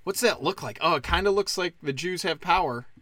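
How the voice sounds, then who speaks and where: Man, fairly high and bright, profane sarcastic ranter, recorded dry. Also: animated, brisk, no room sound. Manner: sarcastic, profane, mocking impressions. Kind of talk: ranting casual monologue.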